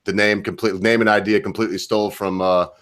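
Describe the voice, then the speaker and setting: A man's voice: lowish voice, little pitch movement, fast, fairly bright tone, clean tone. A man hosting a livestream, crude and brash in casual chat. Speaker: stream host.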